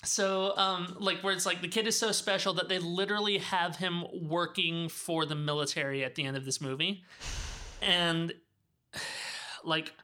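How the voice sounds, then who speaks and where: Bright-voiced Southern-raised podcast co-host. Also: medium pitch, steady tone, measured pace. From Southern United States. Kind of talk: casual movie-review chat.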